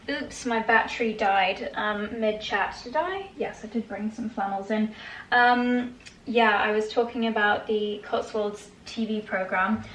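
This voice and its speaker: A woman's voice: a little high, a little hiss or hum. Chatty woman vlogging her skincare. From England. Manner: chatty and gushing, with soft laughs. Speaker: lifestyle vlogger. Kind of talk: casual vlog chat.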